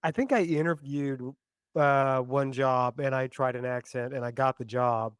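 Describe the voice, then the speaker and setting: A man's voice: mid-range voice, moderate pace, smooth, no echo. A man co-hosting a podcast, chatting casually and dropping dry jokes. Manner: joking, deadpan quips. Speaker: podcast co-host.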